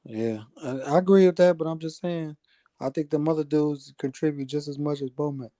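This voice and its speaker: A man's voice: a little high, normal speed, mellow, no echo. A man on a boxing talk stream, chatting casually and agreeably, often saying "you know what I'm saying".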